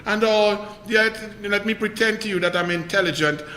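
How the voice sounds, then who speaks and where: A man's voice: high-pitched, moderate pace, sharp tone, a little hiss or hum. A man voicing a pretentious female politician who fakes a posh, affected way of talking, in a mocking impression. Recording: echoey room with long reverb.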